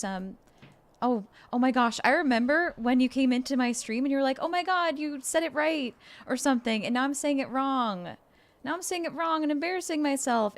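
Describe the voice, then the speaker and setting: A woman game streamer chatting casually with her viewers while playing, bubbly and excitable, playful and joking. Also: fairly high pitch. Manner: bubbly and excitable, with gasps and giggles; playful, jokes and role-plays as a mermaid.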